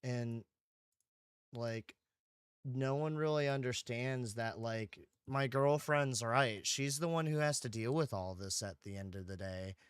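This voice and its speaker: A man's voice: mid-range voice, unhurried, smooth, dry recording, studio quality. A man livestreaming a game, rambling casually with lots of swearing and "dude". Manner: rambling, profane, keeps saying dude. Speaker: streamer.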